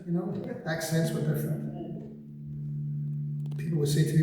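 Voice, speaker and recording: A man's voice: on the high side, little pitch movement, moderate pace, creaky, background noise. Older man with dry humor, echoey hall. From Scotland. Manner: dry, self-mocking humor. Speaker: singer-songwriter on stage. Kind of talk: wry onstage storytelling between songs. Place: large concert hall. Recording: echoey concert hall from a distant mic.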